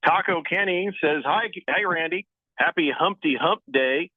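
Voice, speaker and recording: A man hosting a casual sports radio show, reading listener messages aloud in a jokey, lively way. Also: a little high, dry recording. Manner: jokey, lively, talks fast in spurts. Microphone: phone line into the studio. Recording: tinny phone line, dry.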